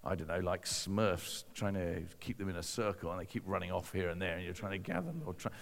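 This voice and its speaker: Fast and low-voiced, a man gives a personal testimony to an audience, telling his story conversationally with self-deprecating humor and dry asides. A large hall lends the recording a long reverb.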